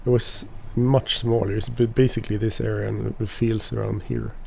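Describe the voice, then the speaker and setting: A man's voice: lowish voice, flat delivery, normal speed, creaky, darkish tone, slight background noise. A man whose first language is Swedish, giving rambling casual commentary while playing a farming game, with lots of restarts and fillers. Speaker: let's play host.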